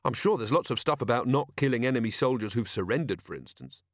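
A man voicing an earnest young captain who speaks in a quiet, measured way. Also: medium pitch, expressive, no room sound, studio quality, lightly acted.

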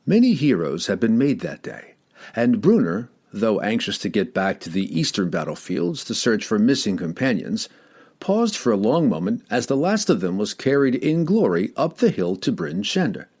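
A man narrating a fantasy audiobook in a dramatic, expressive storytelling manner. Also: fairly low pitch, moderate pace, slightly rough.

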